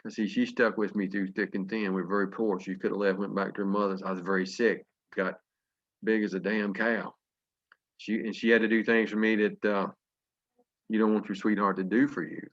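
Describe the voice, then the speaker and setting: On a video call, a fiftyish man from North Carolina delivers folksy, earnest motivational storytelling in a Southern manner. He talks briskly in a fairly low, flat voice with a fairly bright tone, and the sound is lo-fi.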